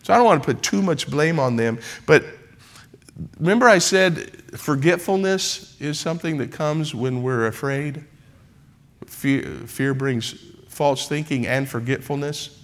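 A man's voice: a little high, animated, unhurried. A man preaching a sermon in church, building repeated refrains that rise into emphatic passages. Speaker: pastor.

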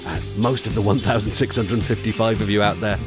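A man's voice: fairly low pitch, fairly even intonation, fairly quick, over music. A man co-hosting a comedy podcast, joking around and putting on silly voices. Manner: playful, jokey, slips into silly voices. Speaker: podcast co-host. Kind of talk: comic podcast banter.

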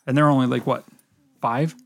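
A man's voice: mid-range voice, steady tone, moderate pace, gravelly. A man co-hosting a casual movie chat podcast, joking and teasing the others.

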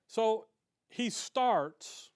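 A man with a notably high voice leads an evening Bible study. He talks in a casual, folksy way, drops slangy asides, and hits his main points with strong emphasis. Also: expressive, extremely slow, clear, resonant tone. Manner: emphatic when stressing key points. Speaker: Bible teacher.

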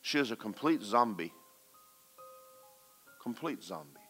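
A man preaching a sermon as a pastor, telling a personal story and swinging between loud, urgent exhortation and hushed, quiet recounting. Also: on the low side, lively intonation, measured pace, faint music behind.

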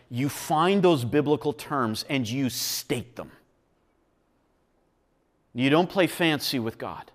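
Male pastor, mid-pitched voice, earnest sermon delivery with restarts and quiet-to-emphatic swings. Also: expressive, slow, pauses often. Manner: earnest preaching, frequent word repeats, swings from quiet to emphatic. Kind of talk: sermon at a men's retreat.

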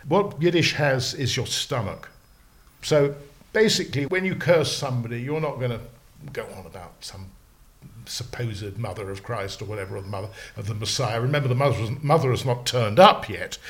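A man who is a slang lexicographer, talking in a casual podcast discussion, animated and digressive, with frequent restarts. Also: mid-range voice, normal speed.

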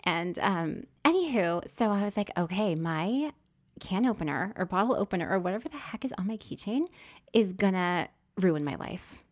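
A woman in casual conversation telling a personal story. She acts out her own thoughts, going from hushed whispers to sudden loud exclamations. Her voice sits at a medium pitch. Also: expressive, moderate pace. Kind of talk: casual chat.

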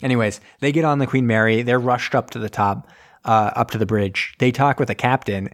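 A man chatting loosely as he retells a movie plot, jumping in and out of quick impressions of the characters. His pitch sits mid-range and he rambles with lots of "like"s. He has an easygoing, joking manner. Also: fairly even intonation. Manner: rambling, acts out scenes in quick voices. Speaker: podcast host recapping a film. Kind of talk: casual chat.

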